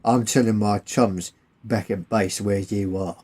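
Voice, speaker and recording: A man's voice: on the low side, fairly even intonation, a little mellow, slightly rough. A man doing a brash, swearing English soldier. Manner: brash, swearing, quick-tempered. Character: cocky, brawling young English soldier, male.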